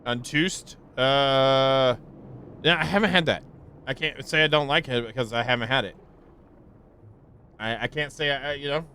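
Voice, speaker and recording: A young man streaming a game live, rambling casually with stammering restarts and sudden high, excited yelps. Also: normal speed, pauses often, slight background noise. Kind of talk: casual live gameplay commentary.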